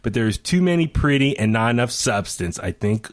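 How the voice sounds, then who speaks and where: A man's voice: mid-range voice, animated, normal speed. Male podcast host, casual, loose, rambling with lots of "uh" fillers and easy laughs. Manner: rambling, many fillers and restarts, laughs often. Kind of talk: casual chat.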